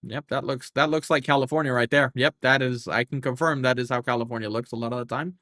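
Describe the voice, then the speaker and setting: A man's voice: mid-range voice, steady tone, quick pace, a bit bright, no echo. Profane rambling male game streamer. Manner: profane, rambling, thinking aloud while scrolling menus. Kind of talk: casual live game-stream chatter.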